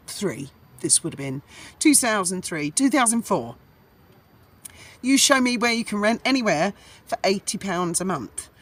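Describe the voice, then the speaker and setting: With a low-pitched, slightly bright voice, a middle-aged woman vlogs about her past in a loose, chatty way. She keeps using fillers and restarting as she tells her personal stories.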